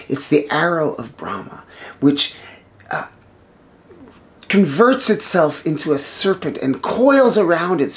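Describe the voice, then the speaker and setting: A male storyteller retelling an epic tale in an animated, improvised way, with restarts and sudden shouts. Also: a little high, vocal fry.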